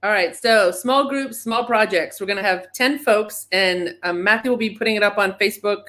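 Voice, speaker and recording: Woman running thru events on a video call, upbeat and quick, a bit jokey, mid pitch. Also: a bit bright. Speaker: events presenter. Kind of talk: casual club meeting chat.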